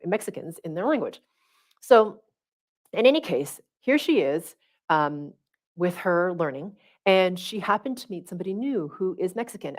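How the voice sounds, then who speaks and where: A middle-aged woman hosting a livestream, giving a casual teaching talk and often checking in with her listeners. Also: medium pitch. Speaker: spiritual coach hosting a livestream.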